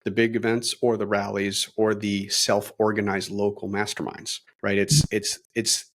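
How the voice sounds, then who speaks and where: A middle-aged man talking as an interview guest, energetic and optimistic, with many fillers and restarts. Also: lowish voice, moderate pace. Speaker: brokerage leader, interview guest. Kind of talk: casual interview talk.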